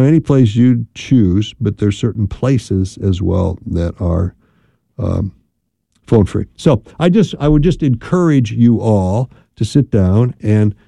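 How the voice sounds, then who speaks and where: A middle-aged man hosting a radio talk show, counseling couples in a chatty, rambling way with animated asides. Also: lowish voice, vocal fry, no echo. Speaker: radio host and marriage counselor.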